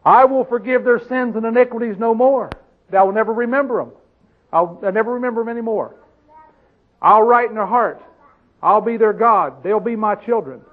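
A man preaching a Bible-teaching sermon, often asking his listeners questions and slowing down to stress the scripture he quotes. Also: high-pitched. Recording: tinny phone-like sound.

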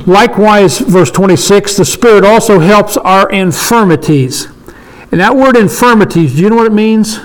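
A man's voice: high voice, normal speed, poor audio. A man in his sixties leading a casual Bible study discussion, emphatic and repeating his points for stress. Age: 60s.

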